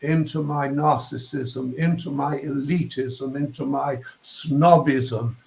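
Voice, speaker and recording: Slow, posh older Englishman in an echoey room. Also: mid-range voice, fairly even intonation, creaky, a little mellow. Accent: posh southern English. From England. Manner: slow, thoughtful, searching for words with ums and restarts. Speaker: guest. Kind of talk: reflective interview talk.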